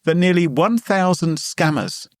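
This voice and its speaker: A British man hosting a podcast, chatting playfully and telling stories in an animated way. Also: high-pitched, a little slow, dry recording, studio quality. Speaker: podcast host. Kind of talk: casual podcast chat.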